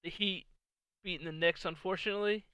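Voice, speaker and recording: A man's voice: high-pitched, steady tone, fairly quick, bright, forceful tone, clear, resonant tone, dry recording. A man co-hosting a sports podcast in casual chat, jokey and self-deprecating, laughing often. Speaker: podcast co-host.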